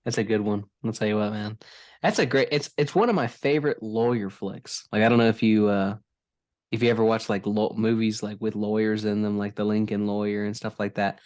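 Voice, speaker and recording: A man's voice: on the low side, fairly even intonation, a little fast, darkish tone. A man hosting a casual movie podcast, laid-back and full of "like" and "man". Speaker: podcast host.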